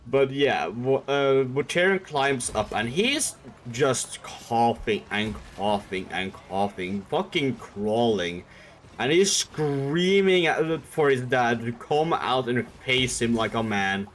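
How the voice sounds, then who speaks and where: A male streamer recounts a story in loose, irreverent chat. He stumbles, restarts and curses freely. His pitch swings widely from phrase to phrase. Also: lively intonation, slow pace. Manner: rambling, irreverent, laughs, swears. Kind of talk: casual lore retelling.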